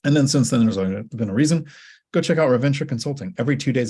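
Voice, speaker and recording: A man hosting a casual livestream Q&A, talking in a rambling way with halting restarts. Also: medium pitch, lively intonation, darkish tone, slightly rough. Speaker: host.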